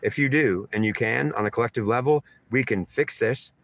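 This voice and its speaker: A man talks through a spiritual message in a rambling, repetitive flow, circling back to the same points with emphasis. His pitch is middle-of-the-road and the recording is dry. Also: normal speed, fairly bright tone, dry recording. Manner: repetitive, emphatic, stream of consciousness. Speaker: channeler giving spiritual messages.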